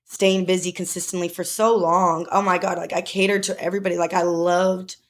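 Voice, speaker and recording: A woman's voice: lowish voice, little pitch movement, brisk. A young adult woman co-hosting a podcast, telling a personal story in casual, emotional chat with many fillers. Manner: emotional, tearful at times, filler-heavy. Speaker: podcast co-host.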